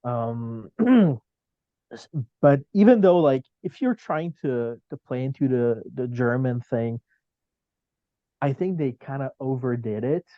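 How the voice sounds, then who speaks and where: A man's voice: medium pitch, animated, takes it slowly, dry recording, lo-fi sound. A man talking as a podcast guest in casual chat, hesitant and hedging, with many filler ums.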